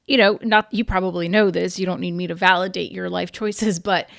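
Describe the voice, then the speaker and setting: A woman's voice: lowish voice, steady tone, a little fast, vocal fry, fairly bright tone. A woman hosting an interview, speaking in an affirming, reflective way. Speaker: podcast host. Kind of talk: supportive interview conversation.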